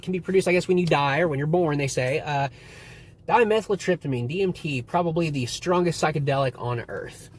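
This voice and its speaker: A young man casually vlogging and telling stories in a rambling way, with lots of swearing. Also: fairly high pitch. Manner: rambling, swearing, animated retelling. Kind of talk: casual storytelling to camera.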